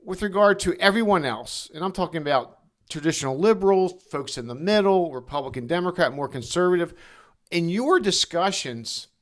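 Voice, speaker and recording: A man's voice: high-pitched, animated, moderate pace. A man co-hosting a political podcast, posing rhetorical questions and listing points with emphasis. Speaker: podcast co-host, former governor. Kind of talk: podcast conversation.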